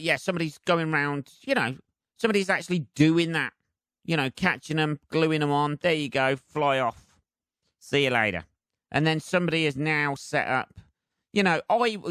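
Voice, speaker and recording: A man's voice: medium pitch, a bit bright, clear, resonant tone, no echo. Male podcast host, joking and meandering, clean dry voice. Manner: rambling, joking, filler-heavy chat. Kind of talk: solo podcast monologue.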